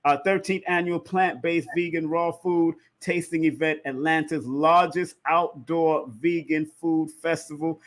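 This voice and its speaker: A middle-aged man hosting a casual interview, lively and joking as he talks. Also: on the high side, unhurried, hardly any pauses. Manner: animated, jokey, with exclamations. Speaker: show host.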